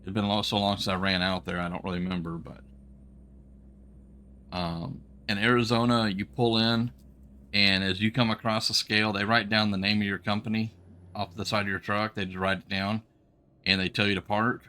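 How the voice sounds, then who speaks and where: A man's voice: on the low side, little pitch movement, moderate pace, bright, forceful tone. A man who used to drive trucks, streaming a trucking game and telling a long story in a folksy, rambling way full of ums and restarts. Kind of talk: casual storytelling while gaming.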